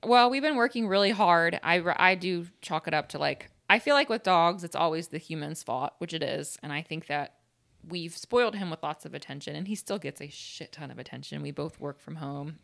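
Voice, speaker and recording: Brief: playful female podcast co-host, lowish voice with gravelly fry. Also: expressive, brisk, a bit bright. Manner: playful, laughs often. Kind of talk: casual chat. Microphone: podcast microphone.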